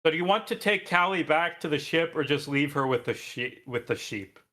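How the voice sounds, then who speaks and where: A man's voice: on the high side, a little fast, pushed and bright. A man running a tabletop game as dungeon master, rambling with lots of fillers and casual swearing.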